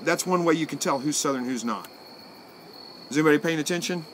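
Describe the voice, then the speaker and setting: Answering comments from viewers on his live stream, a Southwest Missouri man in his forties talks fast in a relaxed, folksy way, musing aloud as he goes. His voice runs slightly high for a man, with faint hiss and crickets chirping behind him.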